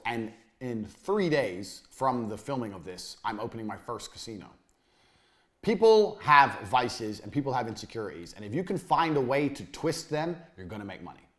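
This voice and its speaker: A man giving a blunt, crude business lecture in a university room. He swings between loud, forceful emphasis and low, muttered asides. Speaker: business speaker.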